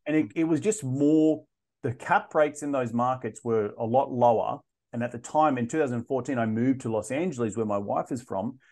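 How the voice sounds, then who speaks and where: A man in his thirties, a podcast guest telling his story in a casual interview, animated and often restarting his sentences. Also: mid-range voice, normal speed. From Australia. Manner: animated, frequent restarts and repeated words.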